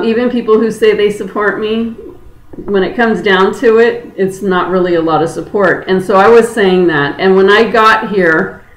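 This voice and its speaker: A woman teaching a spiritual webinar in a candid, chatty and earnest way, laughing easily as she talks. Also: medium pitch. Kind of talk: informal spoken teaching. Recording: roomy echoey sound.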